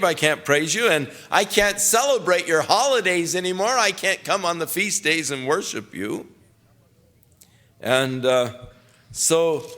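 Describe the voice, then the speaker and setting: An older male pastor teaching the Bible in a relaxed, conversational way, slipping scripture into plain everyday speech. His voice sits a little high for a man.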